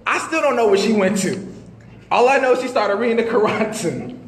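A male minister tells his own story from the pulpit, animated and full of street slang. His voice sits very high and swings up and down. It rings through a mosque hall with a long reverb tail. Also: a little fast. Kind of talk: testimony sermon.

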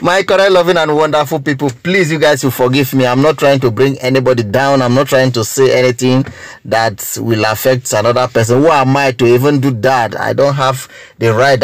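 A man's voice: mid-range voice, no echo, clean studio sound. A man with a Nigerian English accent, speaking to his viewers in an earnest, preachy monologue on current affairs, stretching out key phrases and repeating his points. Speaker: social commentator addressing his viewers.

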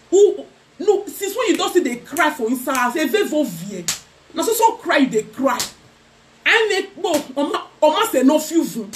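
A young Nigerian woman with a very high voice rants through gossip commentary. She taunts her targets in a sing-song way and keeps dropping into mocking laughter. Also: big pitch swings, normal speed, a little hiss or hum. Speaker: gossip vlogger.

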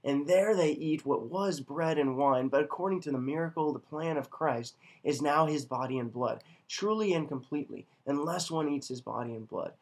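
A man's voice: a little high, normal speed, few pauses, a little mellow, breathy edge. A man teaching a scripture lesson in an emphatic way, often checking in with "right?". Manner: emphatic, keeps asking "right?". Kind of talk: catechism lecture.

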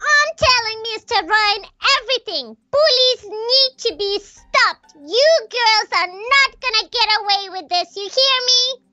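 This is a tiny princess girl with a squeaky, extremely high baby voice, bright and piping, drawn out slowly between whimpers. The sound is a little dull and lo-fi, with soft music underneath. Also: animated, exaggerated voice. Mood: indignant. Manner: babyish, whimpering, sobbing often. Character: timid little girl princess, first day at school. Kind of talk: Minecraft role-play voice acting.

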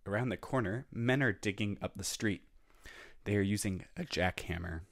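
A man with a fairly low voice reads a children's picture book aloud as a music teacher would. He voices the sounds in the story with his mouth between plain lines. The recording is dry and close. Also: moderate pace, gravelly, no room sound. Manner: plain storybook reading that acts out sound effects. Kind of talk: children's read-aloud and activity.

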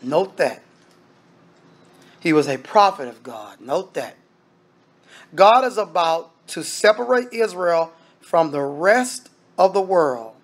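With a fairly high, animated voice, this man preaches slowly and leaves long pauses. As minister he is emphatic and repetitive, throwing out rhetorical questions and calling his listeners brethren.

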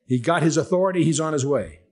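An older man teaching verse by verse through a Bible book, conversational and animated, acting out the scenes he reads. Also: fairly high pitch, fast talker, slightly rough.

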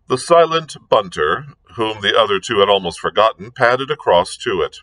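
A male librarian reading a novel aloud with expressive storytelling narration. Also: lowish voice, moderate pace, few pauses, no room sound.

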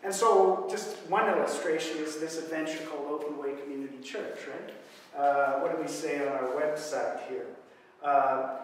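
Pastor, man, chatty animated sermon, slightly high voice, distant mic with faint room hiss. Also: moderate pace. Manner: conversational, animated, with asides and fillers. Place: church hall. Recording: echoey hall from far off.

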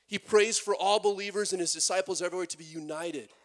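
A man preaching a sermon as pastor, animated, with many restarts and acted-out quotes. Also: high voice, quick pace.

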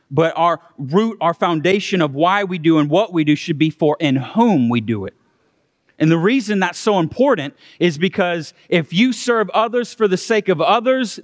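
A man with a high voice gives a sermon as a guest pastor. He speaks in an earnest, heartfelt and conversational way. His voice rings out with a long reverb, like a large church. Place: church stage.

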